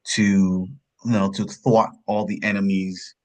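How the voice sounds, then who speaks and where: Low-voiced man rambling through a film chat. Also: flat delivery, slow pace. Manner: rambling, often adds "and stuff like that". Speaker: podcast co-host. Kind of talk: casual film review chat. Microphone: video call.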